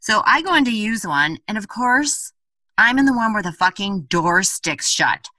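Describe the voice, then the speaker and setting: Bright-voiced woman telling a travel story. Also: medium pitch, normal speed, no room sound, recorded from a distance. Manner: animated, laughing, swears freely, many "like" fillers. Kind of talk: casual storytelling chat.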